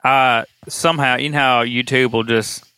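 Man, podcast co-host, quick jokey interjections, bright tense tone. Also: mid-range voice, fairly even intonation, clear, resonant tone. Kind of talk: casual chat.

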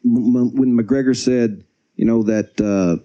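A man's voice: mid-range voice, steady tone, measured pace, dark tone, dull audio. A man hosting a podcast in casual, rambling, joking chat. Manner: rambling, joking, trails off mid-sentence. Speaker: podcast host.

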